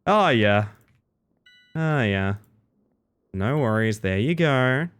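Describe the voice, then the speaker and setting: Animated, playful male streamer. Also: slow pace, smooth. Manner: playful, giggly, jumps into squeaky silly voices. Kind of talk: live-streamed gameplay chat.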